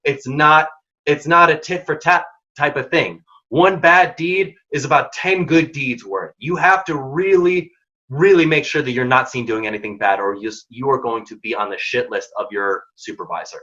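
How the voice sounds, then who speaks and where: A man presenting a career workshop, talking in an emphatic, casual, energetic way. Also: mid-range voice, moderate pace. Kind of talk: career advice talk. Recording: dull lo-fi recording.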